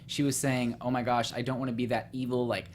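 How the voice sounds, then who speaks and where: A woman hosting a casual chat, talking quickly with lots of fillers and animated retellings. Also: a bass voice, a little hiss or hum. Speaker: host. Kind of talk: casual chat about a TV show.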